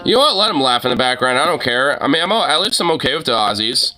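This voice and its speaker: Bright-voiced, profane ranting man. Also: mid-range voice, big pitch swings, fast talker, faint music behind. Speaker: streamer reacting to posts. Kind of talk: casual reaction rant.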